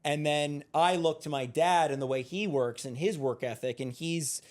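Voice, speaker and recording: A man's voice: on the high side, moderate pace. Eager rambling man from Los Angeles. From Los Angeles, USA. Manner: eager, rambling, restarts his sentences. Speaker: podcast guest, actor. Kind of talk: casual chat.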